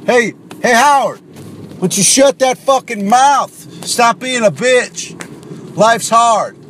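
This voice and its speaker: A man putting on a gruff tough-guy voice, yelling slow scolding orders from a moving car. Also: very high-pitched, lively intonation, pitched above the performer's own voice, full character voice. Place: in a car while driving. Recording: car with road noise behind.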